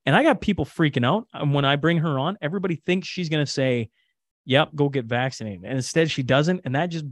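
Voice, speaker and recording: A man's voice: fairly high pitch, fast, no echo, studio quality. A man from Canada with a Canadian accent, a podcaster and interview guest, talking candidly with many fillers. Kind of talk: casual conversational interview.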